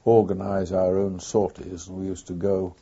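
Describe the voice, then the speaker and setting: Husky, gravelly older man reminiscing. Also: low-pitched, flat delivery, dark tone. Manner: unhurried, reflective storytelling with frequent pauses. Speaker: former wartime pilot interviewee. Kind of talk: oral history interview. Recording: dull lo-fi recording.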